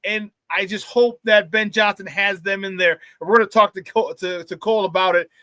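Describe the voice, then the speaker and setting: A man hosting a sports talk show in a casual, fired-up way, stumbling and repeating words as he gets excited. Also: high voice, fairly quick, no room sound. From Chicago area.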